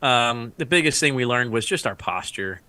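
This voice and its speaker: A man's voice: medium pitch, expressive, normal speed, pushed and bright, dry recording. A man who served in the Iraq War, telling stories in a casual podcast chat. He rambles, laughs often and acts out what others said. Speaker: Iraq War veteran guest.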